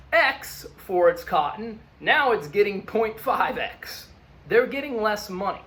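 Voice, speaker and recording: A man's voice: high voice, fairly bright tone. A male history teacher giving a conversational lecture, checking in often with "okay?" and "look". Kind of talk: classroom lecture.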